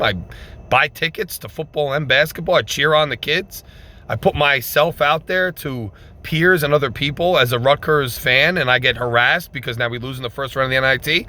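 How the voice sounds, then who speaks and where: A man giving an emphatic, repetitive postgame rant as a fan vlogger, swinging between loud outbursts and subdued sadness. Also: fairly high pitch.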